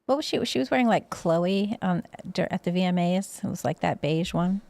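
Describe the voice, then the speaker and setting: A woman on a political panel show giving measured, wry commentary. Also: lowish voice, lively intonation, gravelly, darkish tone, dry recording.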